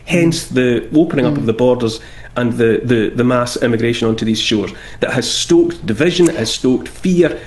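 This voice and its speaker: A man's voice: medium pitch, normal speed, darkish tone. A Scottish man appearing as a TV guest, arguing his point firmly and emphatically, repeating phrases for force. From Britain. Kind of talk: earnest political argument.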